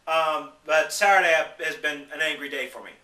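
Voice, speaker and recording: A young man ranting to camera in an upset, emotional way, sometimes mocking other people in high voices. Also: moderate pace, sharp tone, echoey room, distant mic. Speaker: vlogger. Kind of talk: upset personal rant to camera.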